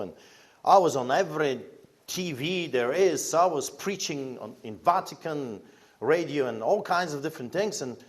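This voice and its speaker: A man's voice: mid-range voice, slightly rough. Fiery Polish-accented man pastor. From Poland. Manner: emphatic and fiery, with rhetorical questions. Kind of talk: impassioned interview storytelling.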